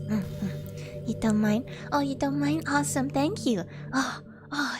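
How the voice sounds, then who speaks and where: A woman's voice: sits high, takes it slowly, pauses often, music in the background. A woman live-streaming, chatting casually and reading chat aloud, gushing with delight and giggling often.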